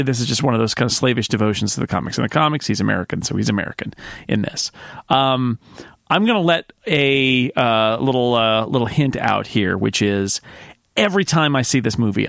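A man hosting a casual podcast panel chat, talking with easy laughs and lively swings in pitch. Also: vocal fry, no room sound, studio quality. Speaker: podcast host.

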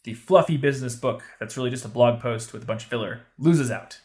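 A man's voice: mid-range voice, darkish tone. Punchy, emphatic male podcast host. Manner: emphatic, punchy advice-giving with quick asides. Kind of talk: casual podcast chat.

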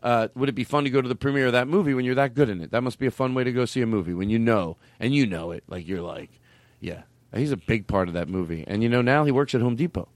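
A man's voice: medium pitch, quick pace, no room sound. A man hosting a comedy podcast in casual chat, rambling and laughing, with mock outbursts and swearing. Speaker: podcast host.

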